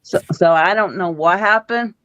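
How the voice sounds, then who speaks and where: A woman's voice: fairly low pitch, normal speed, fairly bright tone, dull audio, slight background noise. A woman chatting casually as a tarot-reading co-host, rambling and repeating her words. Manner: rambling, repeats words, quotes people in little voices.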